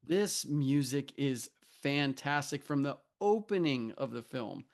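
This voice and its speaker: A man's voice: mid-range voice, expressive, measured pace, creaky. A man co-hosting a movie podcast, chatting casually and earnestly with a lot of enthusiasm and frequent laughter. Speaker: podcast co-host. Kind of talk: casual film podcast chat.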